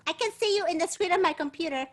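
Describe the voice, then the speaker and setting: A woman children's entertainer hosts a bilingual kids' show, her extremely high voice racing along as she plays with a puppet cat and the young audience. She's animated and playful throughout.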